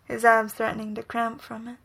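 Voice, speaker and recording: A woman reading a romantic story aloud in whispered role-play, soft, breathy and unhurried. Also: a little high, monotone. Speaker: reader.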